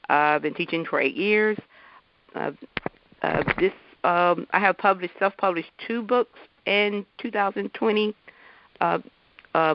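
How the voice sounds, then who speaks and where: A woman, an author and teacher, introduces herself and reads from her novel with a halting delivery full of restarts. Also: lowish voice, no room sound. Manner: halting, with many fillers and restarts. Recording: dull lo-fi dry sound.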